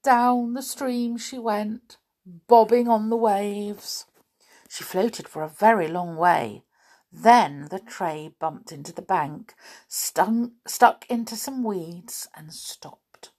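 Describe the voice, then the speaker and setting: A woman reading a children's storybook aloud in an expressive, animated way. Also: medium pitch, takes it slowly.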